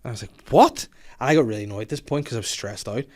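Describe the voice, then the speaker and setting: A man's voice: on the low side, racing. A young man hosting a crude comedy podcast, telling stories with acted-out quotes, laughing and swearing often. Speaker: podcast host.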